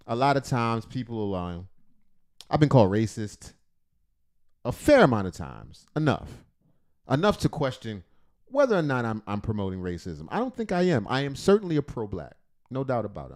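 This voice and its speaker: Livestream host, adult man, lively rambling joker, pitch jumps around a lot. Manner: playful and rambling, joking then earnest. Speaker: livestream host reacting to videos. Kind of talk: casual livestream chat.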